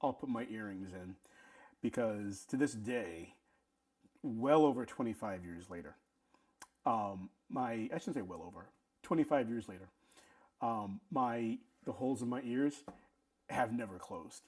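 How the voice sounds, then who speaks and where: A middle-aged man telling a casual story, animated, often stammering and restarting his sentences. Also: fairly low pitch, unhurried, pauses often, slightly rough. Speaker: vlog host telling a story.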